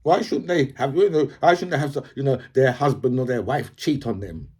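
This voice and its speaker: A man's voice: medium pitch, brisk, darkish tone, breathy edge. A man giving a rambling casual opinion monologue to camera, tagging "right?" onto almost every phrase. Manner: rambling, says "right?" constantly. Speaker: video commentator.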